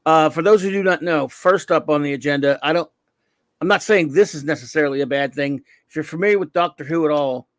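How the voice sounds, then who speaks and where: A man's voice: on the high side, no room sound. A man hosting a show, talking casually as a fan, rambling with many restarts and fillers. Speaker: show host. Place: home room at night.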